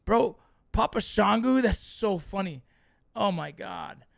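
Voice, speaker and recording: A middle-aged man hosting a livestream, reading chat and telling stories in a casual, profane, animated way. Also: sits high, takes it slowly, vocal fry, no echo, clean studio sound.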